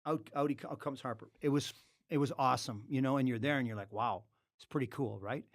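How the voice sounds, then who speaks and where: A middle-aged man, a former hockey player, telling stories as a podcast guest in a studio. He swears freely and breaks into loud outbursts. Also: medium pitch, fast talker, no room sound. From Canada. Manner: animated, profane storyteller with loud outbursts. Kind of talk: casual storytelling.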